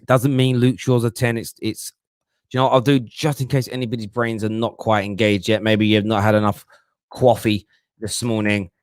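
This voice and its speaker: A man hosting a live football fan show, reading viewer comments and answering them in animated, slangy casual chat. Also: fairly low pitch, normal speed, no room sound, studio quality. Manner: animated, mocking put-on voices, London slang like "bruv". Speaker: football talk show host.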